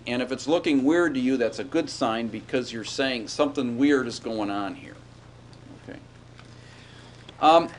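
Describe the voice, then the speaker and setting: Male lecturer, chatty and digressive, classroom recording with faint background noise. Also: medium pitch. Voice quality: chatty, digressive, checks in with "all right?". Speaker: Hebrew grammar lecturer.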